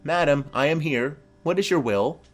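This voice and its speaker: A man's voice: on the high side, moderate pace, pitched above the performer's own voice, lightly acted. A man voicing a dutiful, demure young noble girl in a dramatic reading of a play.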